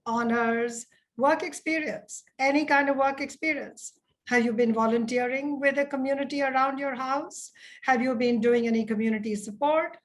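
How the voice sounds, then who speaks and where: A middle-aged woman, an educator with international experience, giving a measured lecture on application documents to students. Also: fairly high pitch. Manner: measured, explanatory, addresses students directly. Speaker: educator and admissions coach. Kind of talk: webinar lecture.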